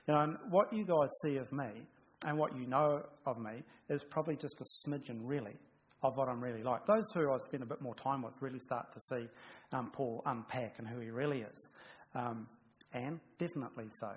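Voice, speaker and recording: A male pastor delivers a sermon in a relaxed, joking manner. He often stops and restarts his phrases as he talks. A faint hiss sits under his voice. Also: mid-range voice, brisk, rough recording. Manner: chatty, humorous, with frequent restarts.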